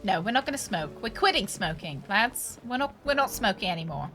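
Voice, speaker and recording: A woman streamer chatting casually and joking between bits of a game. Her voice is bright and clear, with faint music behind. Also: medium pitch, sing-song, brisk. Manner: chatty, jokey, laughs often. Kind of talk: casual gaming stream chat.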